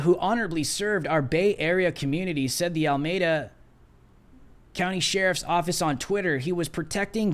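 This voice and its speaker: Emphatic, sarcastic male political host. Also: high voice. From United States. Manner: emphatic, sarcastic, reads news article aloud. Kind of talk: livestream political commentary.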